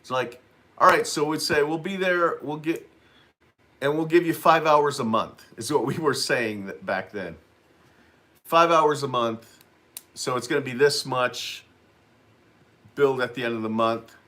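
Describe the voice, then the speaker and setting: A man's voice: mid-range voice, normal speed, pushed and bright. A man who runs a lawn care business, casually telling a story to camera, rambling and repeating himself with lots of "you know what I mean.".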